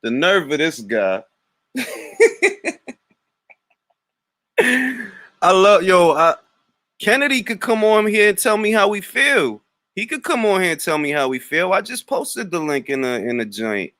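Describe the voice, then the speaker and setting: A man with a New York accent hosts a livestream, trading mocking trash talk full of street slang. His voice swings widely in pitch and sounds bright and forceful. The sound is dry and close, with no room around it. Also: big pitch swings, normal speed, dry recording. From Harlem, New York. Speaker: livestream host. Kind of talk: taunting livestream rant.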